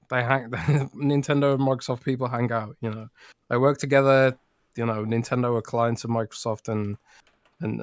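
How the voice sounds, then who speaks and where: A man's voice: mid-range voice, dry recording. A man with a British accent co-hosting a casual podcast, chatty, often restarting his sentences and laughing easily. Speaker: podcast co-host.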